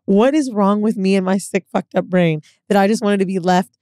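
A woman's voice: mid-range voice, normal speed, no echo. A young woman co-hosting a podcast, telling a candid story in casual chat and acting out what people said. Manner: candid, animated storyteller who acts out quotes. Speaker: podcast co-host.

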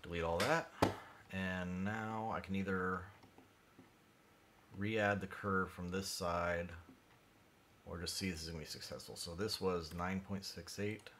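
A man livestreaming his CAD design work, thinking aloud in a mumbly way that drifts quieter as he concentrates. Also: sits low, fairly even intonation, a little slow, long pauses, a little hiss or hum.

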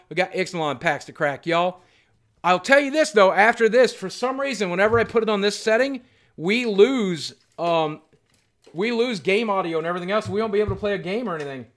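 A male streamer chatting casually with his viewers, rambling and thanking them as he goes. His voice sits notably high for a man. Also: expressive, brisk, a bit bright. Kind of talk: casual live-stream chat.

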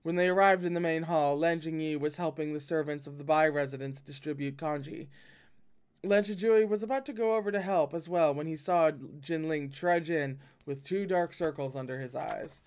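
A man's voice: a little high, normal speed, darkish tone, clear, resonant tone. A man reading a novel aloud and breaking off to react in a dramatic, swearing manner. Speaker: audiobook reader and reactor.

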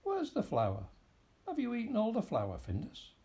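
A man voicing a fussy, absent-minded old farmer who grumbles and mutters, with a gravelly voice, in a storybook reading. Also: high voice, wildly swooping pitch, moderate pace, warm tone, voice pushed up, heavily acted. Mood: grumbling.

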